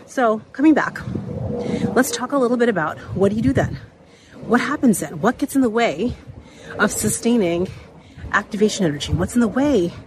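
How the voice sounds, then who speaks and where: Background noise accompanies this outdoor motivational talk from a podcast host in her thirties, who walks uphill a little breathless. Her voice is medium-pitched and slightly raspy, and she keeps repeating main points between frequent laughs.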